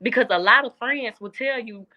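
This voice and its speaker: A woman's voice: fairly high pitch, moderate pace, bright, forceful tone. A young woman with a Southern US accent, talking earnestly in a casual chat and repeating phrases for emphasis. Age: young adult. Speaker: guest.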